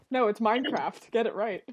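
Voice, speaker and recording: A woman's voice: on the high side, muffled recording, a little hiss or hum. A young woman hosting a casual gaming session with a friend, laughing often and chatting loosely. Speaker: gaming channel host.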